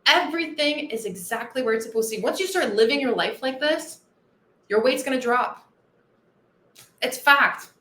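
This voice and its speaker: A woman's voice: high voice, expressive, moderate pace, long pauses, sharp tone, roomy sound, slight background noise. A woman weight-loss coach hosting a motivational podcast monologue, enthusiastic and earnest, repeating her key phrases.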